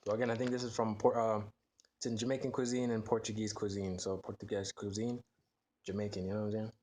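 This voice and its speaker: A man with a fairly low voice talks through a taste test in a loose, casual way. He reacts with frequent exclamations and fills his pauses with ums and likes. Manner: relaxed, filler-heavy reactions with frequent exclamations. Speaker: food vlogger.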